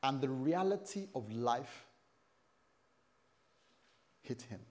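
A man's voice: medium pitch, animated, slow, darkish tone. A man in his fifties preaching a sermon, telling stories with animation and acting out the voices of people he quotes.

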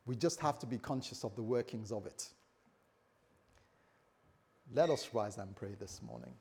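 Male pastor, husky tone, animated sermon delivery with hushed lows and loud peaks, speaks his own inner voice aloud. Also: normal speed. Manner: animated preaching, jumps from quiet low lines to loud high bursts; acts out his own inner voice in quoted asides. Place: church service before a congregation.

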